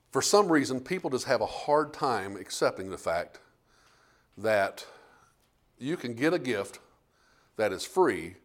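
A man preaching a sermon as pastor, folksy and fervent, swinging from hushed lines to loud ones. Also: medium pitch. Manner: folksy, repeats words and restarts.

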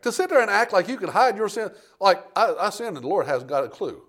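Animated folksy preacher man, fairly high. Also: fairly quick, hardly any pauses. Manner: animated, swings between loud emphasis and hushed; folksy storytelling, calls out "Amen?". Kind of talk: sermon.

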